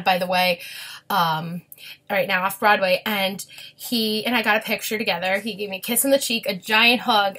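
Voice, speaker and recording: A young woman chatting casually in a vlog, gushing and quick to get emotional. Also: mid-range voice, fairly bright tone. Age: young adult. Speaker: vlogger. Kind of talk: casual chat.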